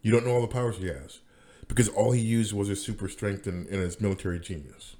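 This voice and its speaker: Rambling man with a lowish voice. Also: fast. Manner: rambling, animated, with frequent restarts and fillers. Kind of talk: casual monologue.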